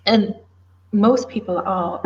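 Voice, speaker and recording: A woman's voice: medium pitch, slow, slight background noise. Brief: middle-aged British-born woman, ex-police author, emphatic and earnest, slightly dull recording. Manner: earnest, emphatic, plain-spoken. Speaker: author and former police officer, guest. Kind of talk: casual interview chat.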